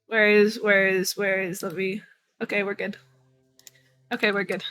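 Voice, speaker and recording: A woman's voice: medium pitch, little pitch movement, moderate pace, fairly bright tone, faint music behind. A woman live streaming a game, chatting casually to her viewers with sarcastic, mock-bored asides. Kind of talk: casual livestream chat while gaming.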